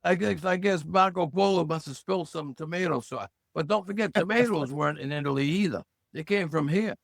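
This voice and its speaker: A man around seventy from Massachusetts, a podcast guest who tells lively stories and acts out the voices he quotes. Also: a little high, a little fast, creaky, no room sound, clean studio sound. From Hull, Massachusetts. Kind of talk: casual storytelling interview.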